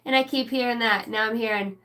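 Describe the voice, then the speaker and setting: A woman's voice: on the high side, fairly even intonation, fast, a bit bright, low-quality recording. A woman in her thirties giving a casual, profane, rambling live tarot reading as a channeler. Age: 30s.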